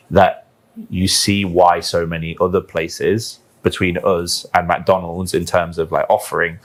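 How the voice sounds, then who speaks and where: A man from the United Kingdom, a bar director, talking earnestly and at length in a conversational interview, with many fillers. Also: sits low.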